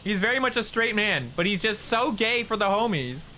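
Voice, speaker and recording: A young male streamer with a bright, forward voice, talking to his chat while he plays. He rambles from joke to joke and swears freely, with a faint hum of game sound and noise behind him. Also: sits high, lively intonation, normal speed, low-quality recording. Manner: rambling, profane and joking.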